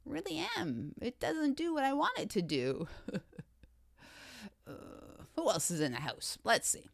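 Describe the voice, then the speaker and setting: A woman hosts a casual livestream, greeting viewers one by one in an upbeat, chatty way. Her pitch rises and falls in a lively, animated way while she keeps an unhurried pace. The sound is dry and close, with little room around it. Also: gravelly, dry recording. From Canada. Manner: upbeat, greets viewers by name, repeats catchphrases. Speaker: livestream host.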